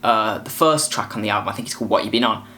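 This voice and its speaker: A man's voice: fairly low pitch, racing, pushed and bright, a little hiss or hum. A man giving a casual album review, rambling with frequent restarts. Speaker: music reviewer.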